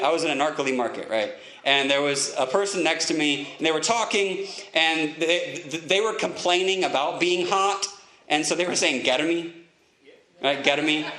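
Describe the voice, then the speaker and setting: A man telling self-mocking stories in a stand-up comedy set, chatty with quick asides. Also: a little high, fairly bright tone, echoey room. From United States.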